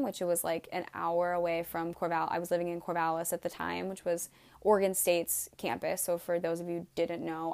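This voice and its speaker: A woman's voice: lowish voice, vocal fry, darkish tone. A woman in her twenties telling a rambling story to camera, swearing freely and saying "like" constantly. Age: 20s. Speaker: vlogger. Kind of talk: casual storytelling vlog.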